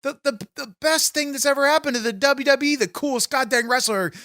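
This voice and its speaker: A man's voice: extremely high pitch, brisk, pushed and bright, no room sound, studio quality. A man co-hosting a comedy podcast, ranting in exasperation and swearing constantly. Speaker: podcast co-host. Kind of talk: comedic banter.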